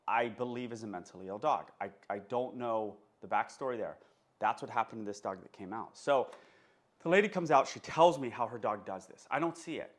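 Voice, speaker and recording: A man, a dog trainer, giving an emphatic, unscripted talk and often stopping to check that his listeners follow. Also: mid-range voice. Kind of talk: casual instructional monologue.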